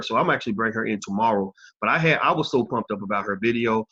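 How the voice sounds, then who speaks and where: A man's voice: lowish voice, fast talker, hardly any pauses, pushed and bright. A man hosting his own live video channel, chatting casually and frankly with viewers and swearing freely. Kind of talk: casual livestream chat. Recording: dull lo-fi livestream audio.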